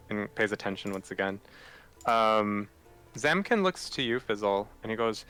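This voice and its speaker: A man's voice: fairly low pitch, a little fast, pushed and bright, clean tone, faint music behind. A man narrating as game master in a loose, casual way.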